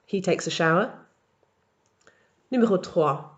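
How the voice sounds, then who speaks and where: Woman teacher walking through french verbs, slow and careful, says each form out loud. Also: mid-range voice, animated. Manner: explains step by step, models French verb forms slowly. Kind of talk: recorded language tutorial.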